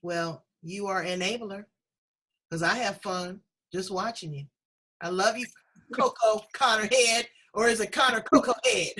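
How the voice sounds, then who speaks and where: A woman's voice: mid-range voice, measured pace, a bit bright, breathy edge, rough recording. A woman hosting a casual chat show over a video call, effusive and encouraging, speaking with strong emotion. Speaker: host.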